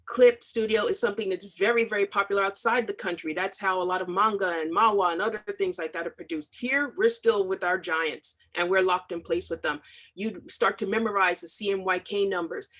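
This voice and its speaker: A woman's voice: medium pitch, fairly quick, fairly bright tone. A middle-aged woman, a comics artist, talking in an interview with impassioned, emphatic stress and repeated phrases. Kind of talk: video call interview.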